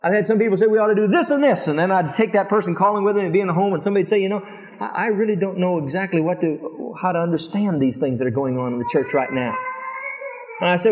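A man's voice: sits high, fast talker, darkish tone, a little hiss or hum. A middle-aged man preaching a sermon as pastor, acting out quoted voices and asking rhetorical questions. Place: large church sanctuary. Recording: dull lo-fi recording with long hall reverb.

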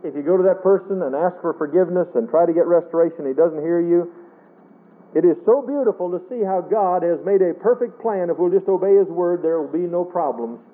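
A man preaching a sermon in a folksy, earnest way, rising and falling as he quotes scripture. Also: a little fast. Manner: folksy, earnest preaching with wide swings in pitch. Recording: tinny phone-line radio broadcast.

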